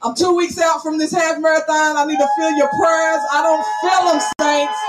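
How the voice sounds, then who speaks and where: A woman pastor preaching a sermon loudly and emphatically, calling on the congregation to answer back, in a folksy storytelling manner. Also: high-pitched, level tone, normal speed, poor audio. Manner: preaching loudly, emphatic, calls for audience responses; folksy, tells stories on herself.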